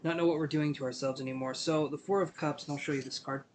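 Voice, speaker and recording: Male tarot streamer, a touch high-pitched, sleepy, gentle, wandering delivery. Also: fairly even intonation, fast, slight background noise. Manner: gentle, meandering, filler-heavy. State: sleepy, yawning. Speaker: tarot reader. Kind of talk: live-stream tarot reading.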